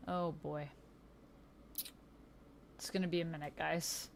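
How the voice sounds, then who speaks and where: A woman's voice: low-pitched, little pitch movement, slow, creaky, a little hiss or hum. A woman streamer chatting casually during a live stream, thinking aloud while she fixes her setup. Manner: chatty, laughs often, thinks aloud while fixing tech.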